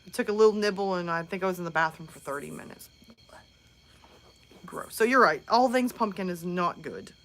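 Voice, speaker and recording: A woman's voice: on the low side, a little fast. Chatty woman hosting a live stream. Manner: chatty and animated, answering chat comments. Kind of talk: casual live stream chat.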